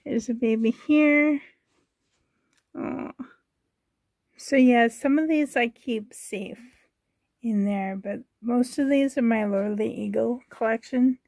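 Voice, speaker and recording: A woman chatting casually in her home bedroom, soft-spoken and doting, often dropping into a whisper, filming on a handheld camera. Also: a little high, takes it slowly, long pauses, dry recording. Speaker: doll collector vlogger. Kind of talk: casual show-and-tell chat.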